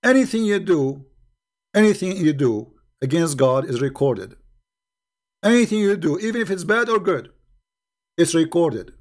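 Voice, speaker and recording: A man's voice: fairly high pitch, very animated, normal speed, pauses often, a little mellow. A middle-aged man hosting a livestream debate, combative and mocking, hammering points home by repeating them. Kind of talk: polemical livestream commentary.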